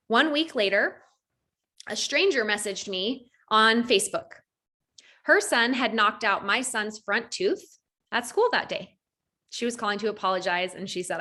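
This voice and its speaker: A woman's voice: medium pitch, normal speed, pushed and bright. A woman coach telling a personal story to a group over a video call, acting out quoted lines with lots of animation. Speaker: network marketing coach.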